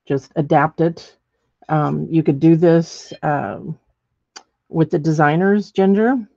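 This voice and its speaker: Gravelly middle-aged woman instructor, chatty demo host, dry muffled recording. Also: low-pitched, slow, dark tone, no room sound. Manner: chatty, thinks aloud while working, many ums. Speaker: ceramics painting instructor. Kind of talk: live painting demonstration.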